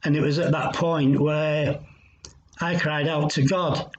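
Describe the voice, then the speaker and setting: Man, somewhat high voice, earnest testimony, reflective with pauses, dull lo-fi recording. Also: fairly even intonation. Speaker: Christian recovery speaker. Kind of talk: personal testimony. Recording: dull lo-fi sound.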